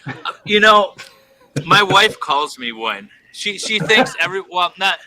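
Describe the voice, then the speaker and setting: A man's voice: sits high, lively intonation, unhurried, sharp tone, rough recording. A man on a stream panel chatting casually and correcting himself as he rambles along. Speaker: stream guest. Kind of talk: casual chat.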